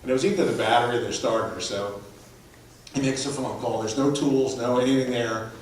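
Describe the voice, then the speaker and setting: A man shares stories of a mission trip with a lively, laughing delivery. He is recorded from far off in a big echoey church hall, with faint room noise behind him. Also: mid-range voice, a little fast. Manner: animated anecdotes with laughter. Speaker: mission team member. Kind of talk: storytelling at a church presentation.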